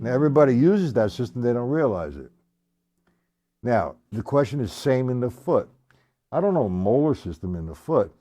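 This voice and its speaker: A man's voice: medium pitch, sing-song, moderate pace, dark tone. A man giving a live-streamed drum lesson, talking bluntly and emphatically, repeating his points as he demonstrates strokes. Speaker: drum teacher. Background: drum hits.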